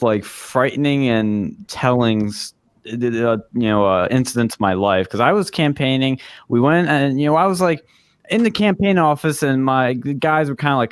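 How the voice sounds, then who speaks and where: A young man hosting a podcast, telling a casual, rambling story with swearing and acted-out quotes. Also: medium pitch. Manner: rambling, profane, acts out quoted speech. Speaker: podcast host.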